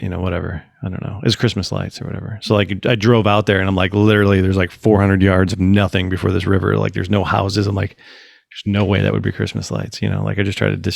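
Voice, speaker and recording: Gravelly low-voiced man telling stories. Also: dry recording, studio quality. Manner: animated storyteller, acts out quotes, swears casually. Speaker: podcast host. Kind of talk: casual chat.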